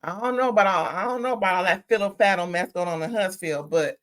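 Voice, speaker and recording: She speaks quickly at a medium pitch, a California woman who reviews reality TV. In a casual chat, she runs through a reunion show with sassy, opinionated remarks.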